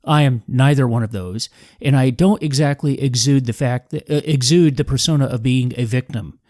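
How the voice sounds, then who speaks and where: A man's voice: mid-range voice, moderate pace, a little mellow, no room sound, studio quality. Emphatic man hosting a political podcast. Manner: emphatic, combative, preachy. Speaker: podcast host. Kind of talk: political commentary monologue.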